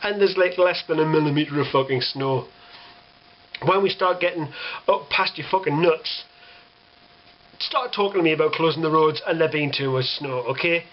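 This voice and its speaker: A man's voice: fairly high pitch, normal speed, muffled recording. A young British man delivering a sarcastic, exasperated rant to camera, swearing freely. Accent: British English. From Britain. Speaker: vlogger. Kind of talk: ranting monologue.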